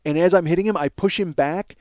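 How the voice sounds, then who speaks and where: His voice sits high and he talks fast, with no room sound on the recording. The middle-aged podcast host delivers a long, profane, animated story monologue, acting out quotes in the voices of the people involved.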